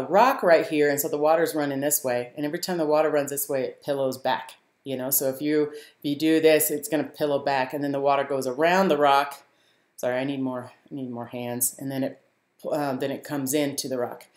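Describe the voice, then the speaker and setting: A woman hosting a live stream, telling a story to her viewers in a casual, animated way, laughing often and using many fillers. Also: a bass voice, fairly quick. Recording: roomy echo.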